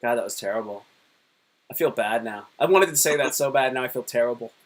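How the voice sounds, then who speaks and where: A man in his thirties hosting a live stream, chatting casually and telling lively stories with many fillers. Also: mid-range voice, brisk. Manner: animated storyteller, many fillers. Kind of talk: casual chat.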